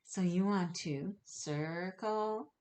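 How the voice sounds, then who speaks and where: Middle-aged woman teacher, lowish voice, patient and encouraging video lesson for little kids. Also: slight background noise. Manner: gentle, slow, encouraging, asks the kids questions. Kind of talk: recorded video lesson for young children.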